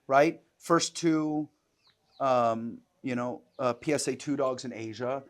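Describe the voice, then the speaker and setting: A man, a dog sport judge, chatting casually on a podcast and telling lively stories, with many "you know" fillers. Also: medium pitch, slow.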